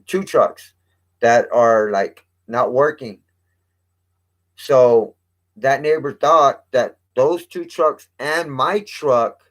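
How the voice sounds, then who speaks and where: A man at an average pitch, talking off the cuff as a vlog host. He rambles, restarts sentences mid-thought and drops casual swear words along the way.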